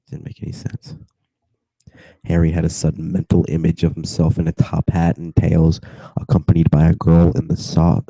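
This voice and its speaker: A man's voice: deep voice, vocal fry, dark tone, husky, no echo, rough recording. A young man with a cold casually reads a book aloud over video chat, drifting into giggly tangents and mumbled asides. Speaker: reader.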